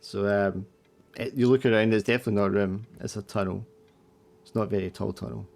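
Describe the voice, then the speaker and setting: A man narrates a tabletop horror game as game master in a low, gravelly, darkish voice, moving at a quick pace with fairly even intonation. He sketches scenes loosely and casually, slipping in small fillers.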